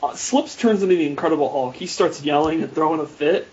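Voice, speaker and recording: A man's voice: a little high, fairly quick, darkish tone, slight background noise. A man telling stories on a casual podcast, laughing at himself often. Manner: laughing, self-mocking storyteller. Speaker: podcast guest player. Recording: muffled lo-fi podcast audio.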